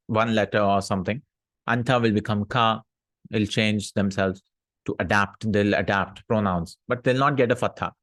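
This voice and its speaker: A man with a low voice teaches a grammar lesson in a dry, close-sounding recording. He reads each example sentence, translates it, then explains it step by step. He keeps checking in with short "hmm?" and "no?" asides. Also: a bit bright, no echo. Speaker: Arabic teacher.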